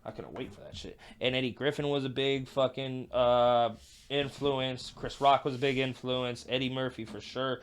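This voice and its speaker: A man's voice: mid-range voice, steady tone, moderate pace, clear, resonant tone. A young man and guest comedian telling loose, profane stories in casual podcast chat, laughing often.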